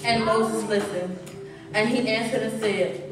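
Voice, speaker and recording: A woman reading a sermon poem aloud with a slow, measured, preacher-like cadence. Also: on the high side, steady tone. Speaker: reader. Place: large church. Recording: echoey church from far off, music behind.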